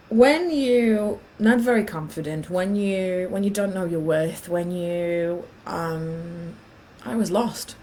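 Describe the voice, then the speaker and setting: A woman's voice: fairly low pitch, darkish tone, slight background noise. A woman in her thirties telling a personal story in a casual vlog, animatedly acting out her own thoughts. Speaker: vlogger.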